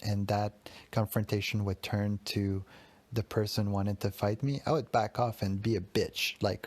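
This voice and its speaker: Male podcast host, thirties, low gravelly voice, raw self-critical monologue with lots of swearing. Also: steady tone, measured pace, darkish tone, no room sound. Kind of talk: solo confessional podcast monologue.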